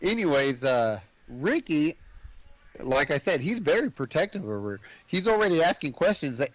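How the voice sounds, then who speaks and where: A man co-hosting a podcast, casually retelling a film's plot in a rambling, animated way, full of filler words. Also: a little high, normal speed, no room sound, rough recording. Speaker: podcast co-host. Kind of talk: casual movie recap chat.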